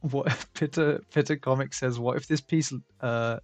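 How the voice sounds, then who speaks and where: A man's voice: mid-range voice, fairly even intonation, moderate pace, a little mellow, soft background music. A man hosting a casual livestream, reading viewer comments aloud and laughing often. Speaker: stream host.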